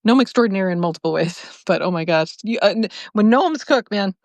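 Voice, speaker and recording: A woman hosting a live video, reading out viewer comments and answering in an animated way, laughing often and restarting her sentences. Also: medium pitch, fairly quick, no room sound. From lived in Chicago, now in California. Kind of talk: casual live-stream talk.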